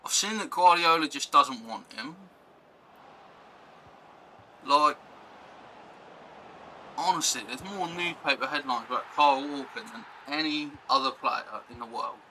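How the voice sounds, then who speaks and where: Bright-voiced chatty male streamer. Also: fairly high pitch, normal speed, slight background noise, low-quality recording. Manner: rambling, chatty, reacting to chat and gameplay. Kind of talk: casual live-stream chat.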